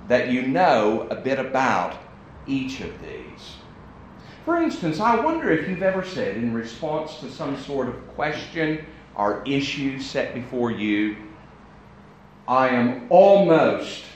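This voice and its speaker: American man, preaching, lively pitch, very echoey hall, faint hiss. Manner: deliberate, emphatic, pausing speaker. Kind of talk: evening sermon.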